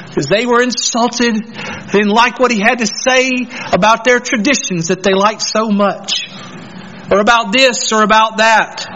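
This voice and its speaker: A man's voice: high-pitched, a bit bright, dull audio, slight background noise. A man preaching a sermon as pastor, telling stories and acting out indignant voices.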